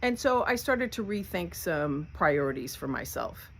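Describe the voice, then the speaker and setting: A woman's voice: fairly low pitch, sing-song, unhurried, gravelly, a little hiss or hum. A woman telling her own survival story in a candid, conversational way, with light laughs. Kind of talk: personal storytelling to camera.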